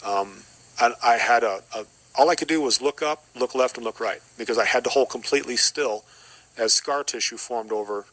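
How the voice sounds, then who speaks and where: A man's voice: medium pitch, normal speed, fairly bright tone, poor audio. A middle-aged man giving an earnest, reflective personal testimony as a podcast guest, often repeating short phrases.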